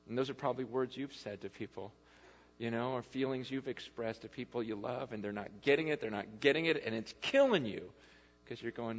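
A man preaching a casual, conversational sermon, excitable and acting out the lines he quotes. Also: medium pitch, brisk, long reverb tail. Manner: excitable, casual, acts out quotes with lively swings. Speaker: pastor.

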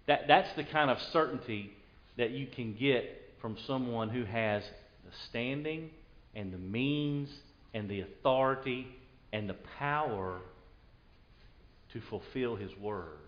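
A man's voice: mid-range voice, takes it slowly, dull audio. A male pastor preaching a conversational sermon and retelling scripture in an everyday voice.

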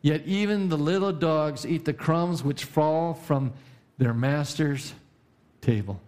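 A male pastor delivers a sermon in a somewhat high voice. He hammers points home by repeating phrases, swinging his pitch sharply up and down for emphasis. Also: slow, a little mellow. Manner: preaching with emphatic repetition and sudden pitch swings.

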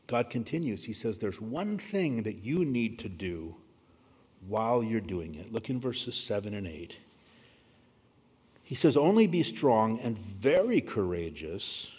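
A man preaching a sermon, earnest, dropping to a hushed voice when he quotes scripture. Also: on the low side, slightly rough. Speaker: pastor. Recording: reverberant hall.

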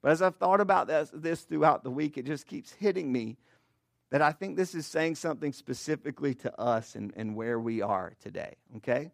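A man's voice: a little high, moderate pace, creaky, dry recording, studio quality. A man, a pastor, giving a sermon in a conversational way with frequent "all right?" and "okay?" asides, and praying earnestly. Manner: earnest prayer.

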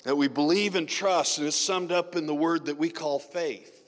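A man's voice: on the high side, steady tone, normal speed. Man preaching in a reverberant hall. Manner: conversational, swings from loud emphatic questions to soft murmurs. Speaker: pastor. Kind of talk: sermon.

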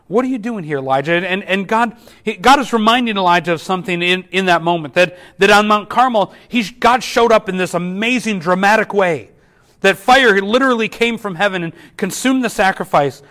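Male pastor, high-pitched voice, earnest sermon delivery with frequent restarts. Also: brisk. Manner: earnest, repeats words at restarts, drops softly for quoted whispers.

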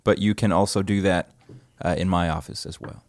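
A laid-back man with a lowish voice hosts a casual podcast chat. He is self-deprecating and drifts into quiet asides. The recording is close and dry, with no room sound. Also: fairly even intonation, brisk, vocal fry, no room sound. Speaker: podcast host. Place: church office.

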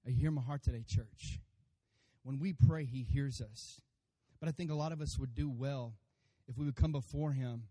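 A pastor preaching a sermon to his congregation, animated and playful, acting out voices and calling for amens. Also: medium pitch, moderate pace. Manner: animated, acts out funny voices for God and congregants; addresses congregation by name, calls for amens.

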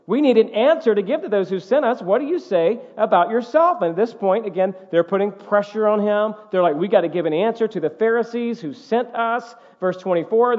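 A man's voice: high voice, a little mellow. A man preaching a sermon as pastor in a church, with an emphatic, repetitive cadence. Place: church sanctuary. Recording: dull audio with long hall reverb.

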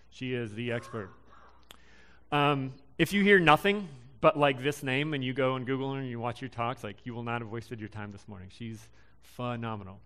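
A young man in his twenties giving a casual sermon, halting and full of ums and restarts. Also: medium pitch, fairly bright tone, clear, resonant tone. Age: young adult. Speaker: preacher.

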